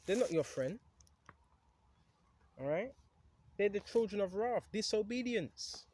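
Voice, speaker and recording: A man's voice: high-pitched, expressive, measured pace, a little mellow, a little hiss or hum. A man teaching from the Bible in a casual, conversational way, reading scripture aloud and often checking in with "right?". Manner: conversational, keeps asking "right?"; reads scripture aloud between comments. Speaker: preacher.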